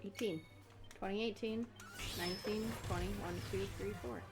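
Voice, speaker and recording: A woman's voice: medium pitch, fairly even intonation, normal speed. A young woman chatting casually while streaming a video game, rambling and easily sidetracked. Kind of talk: casual gaming chat. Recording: game music behind the voice.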